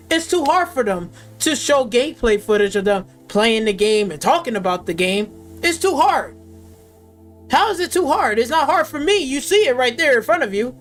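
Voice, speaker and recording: Woman ranting angrily on stream. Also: fairly high pitch. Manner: angry, sarcastic, profane ranting. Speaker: gaming streamer. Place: at a desktop gaming PC.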